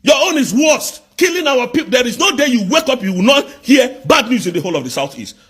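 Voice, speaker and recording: A man with a Nigerian accent in an angry live rant, firing off accusing rhetorical questions and sometimes shouting. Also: very high voice, big pitch swings, fast talker, husky. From southeast Nigeria.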